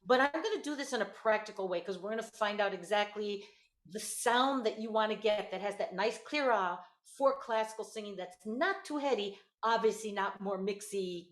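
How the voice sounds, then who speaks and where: A woman voice teacher coaching a student over a video call, giving quick praise and clear instructions. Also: medium pitch, echoey room. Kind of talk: virtual one-on-one singing lesson.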